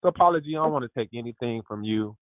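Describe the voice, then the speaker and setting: A man in his fifties hosting a lively group call, exuberant and emphatic, often calling out to his listeners. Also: mid-range voice, fast talker, dry recording. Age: 50s. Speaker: host. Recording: dry tinny phone line.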